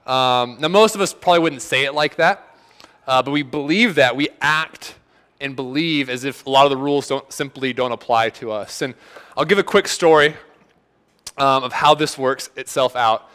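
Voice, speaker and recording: A man's voice: medium pitch, normal speed, a bit bright, clean tone. A man preaching a sermon in a casual, conversational way, telling stories with quoted back-and-forth dialogue. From United States. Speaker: pastor.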